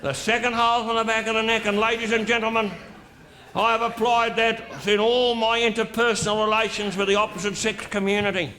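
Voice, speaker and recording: A man's voice: sits high, level tone, fairly quick, pushed and bright. A man playing a boozy, crude, pompous middle-aged Australian dignitary with an Australian accent. He delivers a bawdy, mock-sentimental live comic monologue with bluster. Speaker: stand-up comedian in character. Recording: live stage with audience noise.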